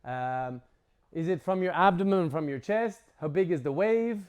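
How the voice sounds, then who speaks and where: A man leads a breathwork class in a casual, animated way, cursing lightly and acting out little examples. His voice sits a touch high for a man. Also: normal speed, clear, resonant tone. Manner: lively, casual, swears and acts out examples. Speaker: breathwork instructor. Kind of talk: teaching a workshop.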